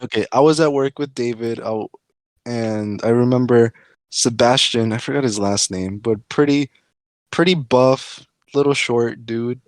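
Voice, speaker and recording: A man's voice: medium pitch, a little slow, smooth, dry recording. A young man guesting on a casual podcast, telling a story in an easygoing way with lots of fillers. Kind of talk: casual chat.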